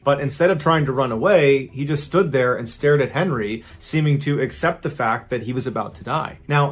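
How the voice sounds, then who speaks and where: A man narrating true crime stories in a steady, conversational storyteller's manner. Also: mid-range voice, breathy edge.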